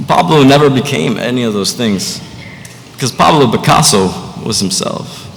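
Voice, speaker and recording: A man's voice: mid-range voice, expressive, normal speed, creaky. A young man giving a commencement speech as a student speaker, with a light, joking delivery. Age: young adult. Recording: echoey hall, faint noise.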